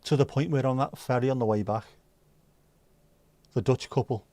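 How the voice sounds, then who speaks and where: Hosting a livestream, a man with a Scouse accent from Liverpool rambles through jokey, casual chat. He speaks at normal speed with frequent pauses, and his mid-range voice has a dark tone with no echo.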